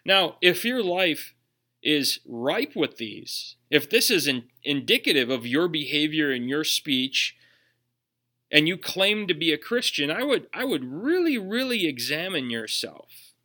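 A man's voice: on the high side, big pitch swings, measured pace, sharp tone. A man with a Minnesotan accent, preaching a sermon earnestly, with emphatic rhetorical questions. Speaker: pastor.

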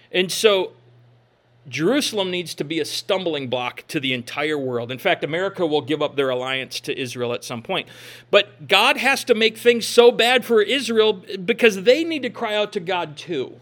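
Male pastor, higher-pitched, sermon delivery with scripture reading. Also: fairly bright tone. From Minnesota. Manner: preaching with scripture readings and asides.

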